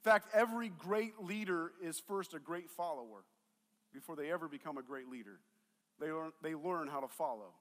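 High-voiced man preaching in an echoing hall. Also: normal speed. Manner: conversational and animated, acting out voices of the story. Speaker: pastor. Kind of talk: sermon.

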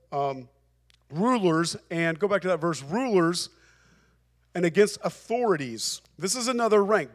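A male pastor preaching a sermon, emphatic and repeating phrases for emphasis. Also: high-pitched.

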